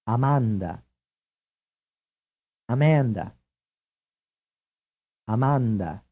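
A man giving a scripted language lesson in a measured, clear, deliberate drill delivery. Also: medium pitch. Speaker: language instructor. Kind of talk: scripted instructional narration. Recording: tinny, lo-fi old tape recording.

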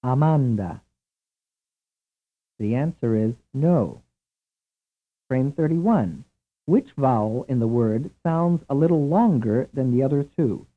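A man giving a scripted language lesson in a measured, clear, deliberate drill delivery. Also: mid-range voice, animated. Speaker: language instructor. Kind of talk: scripted instructional narration. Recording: tinny, lo-fi old tape recording.

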